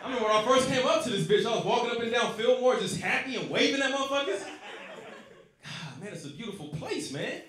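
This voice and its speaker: High, lively man doing stand-up. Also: fast. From Los Angeles. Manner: profane, rowdy storytelling. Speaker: stand-up comedian. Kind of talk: stand-up set. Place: comedy club stage. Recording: echoey club with crowd laughter. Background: audience laughing.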